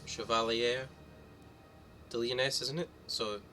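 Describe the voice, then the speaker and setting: A man's voice: mid-range voice, fairly even intonation, slow, pushed and bright, faint music behind. A man streaming a game live, chatting casually and joking with a friend. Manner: jokey, banters and laughs often. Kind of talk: casual chat while gaming.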